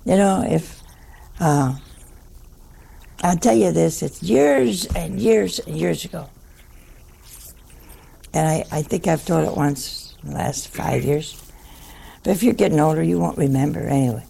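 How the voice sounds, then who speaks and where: A woman's voice: low voice, lively intonation, a little slow, gravelly, pauses often, dark tone, husky. An older woman, a nun, telling a wry anecdote to an audience. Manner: wry, anecdotal, with dry asides. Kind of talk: storytelling talk to an audience.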